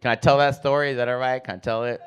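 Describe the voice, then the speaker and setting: A man's voice: mid-range voice, fairly even intonation, very fast, smooth, highs cut off, a faint crowd. A man doing stand-up comedy, telling profane family stories and acting out his relatives. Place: comedy club stage.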